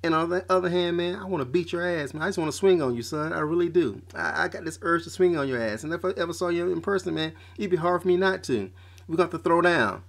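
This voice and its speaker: A man's voice: on the high side, lively intonation, fast talker, gravelly, fairly bright tone. A man hosting a podcast, delivering a blunt, profane off-the-cuff rant full of slang and stumbling restarts. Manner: slangy street talk. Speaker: podcast host.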